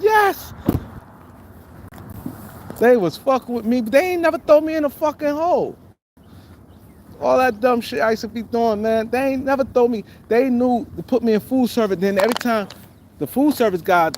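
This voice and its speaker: High-voiced man rambling through a story. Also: darkish tone, a little hiss or hum. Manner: rambling, heavy street slang, lots of fillers and restarts. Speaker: guest telling his life story. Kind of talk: casual storytelling.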